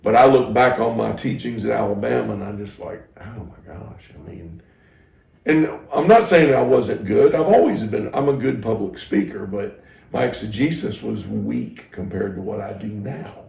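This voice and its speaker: A middle-aged man with a low, gravelly voice tells a candid, self-deprecating story to ministry staff as a pastor and teacher. He restarts his sentences often as he works through his thoughts, and the room around him is echoey. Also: moderate pace, darkish tone, lo-fi sound.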